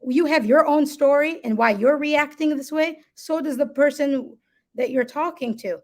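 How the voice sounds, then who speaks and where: A woman's voice: sits high, moderate pace. A woman speaking as a guest in a live conversation, explaining reflectively and often checking in with "right?". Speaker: guest, listening workshop co-founder.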